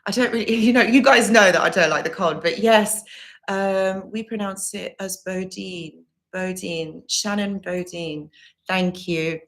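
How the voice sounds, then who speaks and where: This recovery coach speaks at medium pitch and a moderate pace, her tone slightly bright. She runs a live Q&A stream, voicing viewers' comments and responding with sincere, comforting guidance that she tends to say more than once.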